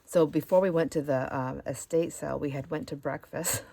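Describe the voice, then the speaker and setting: A woman's voice: sits low, steady tone, moderate pace, creaky, dark tone, breathy edge. A woman hosting a casual show-and-share of thrift finds, chatty and rambling, easily sidetracked. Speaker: craft channel host.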